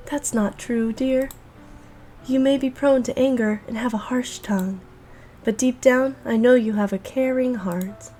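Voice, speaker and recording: A woman reading aloud the lines of a gentle, ailing mother in a horror visual novel, in a soft, tender voice. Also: a little high, steady tone, unhurried, pitched above the performer's own voice.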